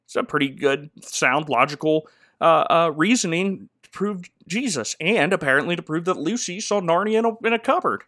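A man's voice: on the high side, lively intonation, moderate pace, a bit bright, dry recording, clean studio sound. A man recapping a movie in a sarcastic, rambling comedic style, laughing often.

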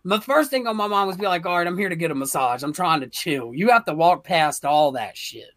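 Young man, podcast co-host, high voice, profane rambling banter, dry close mic. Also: lively intonation, a little fast, a bit bright, no echo. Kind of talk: casual podcast chat.

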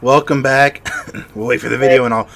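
A man guesting on a casual podcast chat, telling an animated story and laughing often. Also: mid-range voice, brisk, gravelly.

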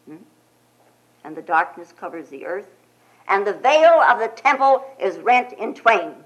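A woman Zen teacher giving a spiritual sermon. She retells scripture as a gentle, reflective storyteller and often adds "you know". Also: medium pitch, husky, low-quality recording. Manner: slow and expressive, frequent "you know" asides.

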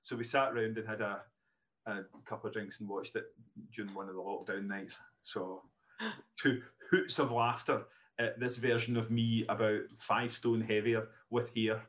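A man in his fifties, a neurologist telling self-deprecating stories as a podcast guest, animated, with frequent restarts. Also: fairly low pitch, normal speed. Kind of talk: casual podcast storytelling.

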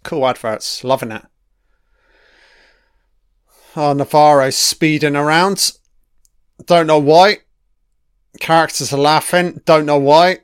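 Brief: male commentator, sweary and sarcastic, unhurried, dry close sound. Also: fairly high pitch, clear, resonant tone, no room sound. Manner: profane, sarcastic, grumbling. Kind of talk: ranting audio commentary on a TV episode.

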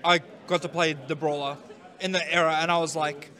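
An Australian man co-hosting a live podcast, loud and teasing as he tells a story to the group. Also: a little high, steady tone, a little fast. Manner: loud and teasing, calls people mate. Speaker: podcast co-host. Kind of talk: casual banter at a live event.

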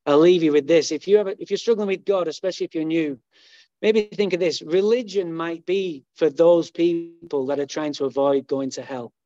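A man's voice: a little high, a little fast, no echo. A middle-aged man giving a humorous, profane recovery talk as main speaker at a meeting. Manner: profane, humorous, lively storyteller. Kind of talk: storytelling recovery share. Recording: dull lo-fi dry sound.

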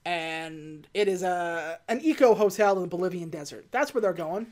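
A woman's voice: on the low side, normal speed. Woman podcaster retelling a movie plot, voice goes up and down a lot, quotes the characters. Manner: animated retelling, quotes characters, laughs while talking. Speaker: podcast co-host recapping a film. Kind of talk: casual chat.

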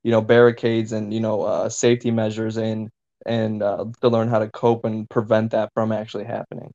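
A man's voice: on the low side, completely flat delivery, brisk, vocal fry, mellow. A man hosting a podcast in casual chat, laid-back, swearing casually and filling with "you know". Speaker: podcast host. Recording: dull lo-fi sound.

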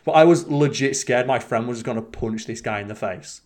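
A man's voice: mid-range voice, fairly quick, a little mellow. A young man on a podcast, telling rambling, sweary anecdotes with lots of restarts. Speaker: podcast co-host. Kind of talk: casual storytelling chat.

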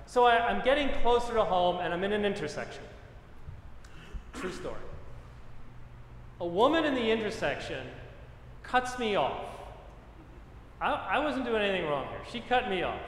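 A man's voice: sits high, very animated, normal speed, long pauses, slight background noise. A middle-aged man, a pastor, preaching a sermon with emphatic repetition and personal stories. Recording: echoey hall with long reverb.

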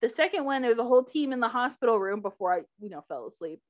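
Animated young woman telling a story. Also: on the high side, quick pace. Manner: animated, laughs often, acts out quotes loudly. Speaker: podcast host. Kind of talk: casual storytelling chat.

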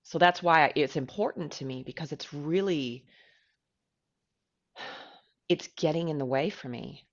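A woman's voice: deep voice, unhurried, long pauses, highs cut off. A woman co-hosting a podcast, talking candidly and emotionally about herself, with lots of "like.". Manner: candid and emotional, with filler likes. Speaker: podcast co-host. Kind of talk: personal podcast conversation.

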